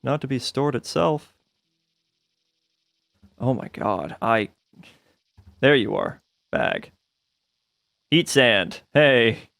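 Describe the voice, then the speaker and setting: A man's voice: medium pitch, expressive, slow pace, vocal fry, pauses often, no room sound. A man talks his way through a modded game on stream, muttering plans and poking fun at his own forgetfulness. His voice sits in an ordinary middle register. It is picked up close on a desk mic with no room sound. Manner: self-mocking, thinking aloud, laughs at himself. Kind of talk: casual gameplay commentary.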